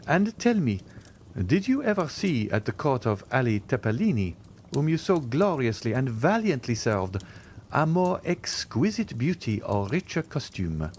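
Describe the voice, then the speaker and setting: A man voicing an effusive middle-aged society baroness in an audiobook, raising his pitch. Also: very animated, a little slow, darkish tone, slight background noise.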